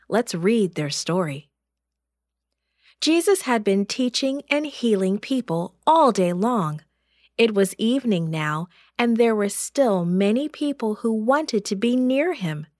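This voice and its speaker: A woman narrating a Bible story for children in a slow, clear and expressive way. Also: medium pitch, no echo, studio quality.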